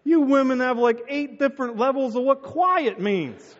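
Pastor, middle-aged man, high voice, storytelling sermon with put-on voices, muffled hall sound. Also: animated, normal speed.

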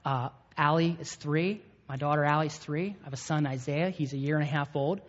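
This thirties-aged pastor talks fairly quickly in a high-leaning voice with fairly even intonation. His sermon unfolds like a story told in conversation, with frequent check-ins with the audience, captured in an echoey hall on dull lo-fi audio.

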